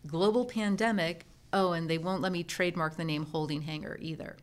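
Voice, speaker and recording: A middle-aged woman with a slightly low voice chats as an interview guest. She tells her story in a lively, casual way and slips into the voices of the people she quotes. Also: brisk. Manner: lively storyteller who acts out remembered dialogue. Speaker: guest, professional organizer turned entrepreneur.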